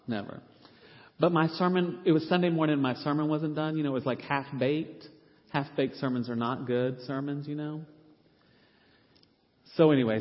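A middle-aged man, a pastor, telling an animated, self-deprecating story from the pulpit and acting out the people he quotes. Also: fairly high pitch. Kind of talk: storytelling sermon. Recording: reverberant hall, dull lo-fi sound.

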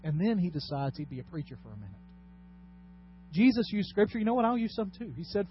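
Male pastor, thirties, high-pitched, dynamic sermon delivery; dull lo-fi recording, faint hum. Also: big pitch swings, quick pace. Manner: dynamic preaching, swings between loud emphasis and hushed asides.

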